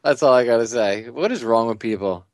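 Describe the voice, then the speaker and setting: A man co-hosting a casual podcast, blunt and excitable, with stammering restarts. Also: medium pitch, fairly quick, no room sound. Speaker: co-host.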